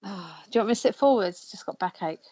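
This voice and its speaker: A woman talks casually to her live audience as a psychic counsellor host. She laughs often and trips over names. Her mid-pitched voice comes through slightly dull, lo-fi stream audio. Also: lively intonation, quick pace, warm tone, slightly rough.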